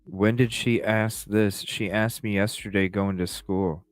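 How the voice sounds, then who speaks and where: A man's voice: fairly low pitch, fairly even intonation, unhurried, dry recording, faint music behind. A man hosting a podcast, reading text messages aloud and reacting with profane, incredulous commentary. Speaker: podcast host.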